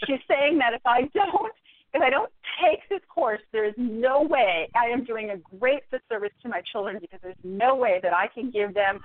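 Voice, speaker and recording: A middle-aged woman, a guest, telling her story in a wry, animated, conversational way, laughing now and then. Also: on the high side, dry recording. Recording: tinny phone line, dry.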